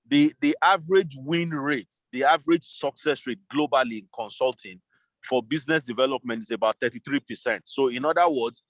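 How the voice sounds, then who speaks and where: A man's voice: mid-range voice, fairly bright tone, no room sound. Methodical man explaining over a call. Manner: methodical, lays out scenarios step by step. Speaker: guest, business consultant. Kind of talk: explanatory interview answer. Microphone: remote call.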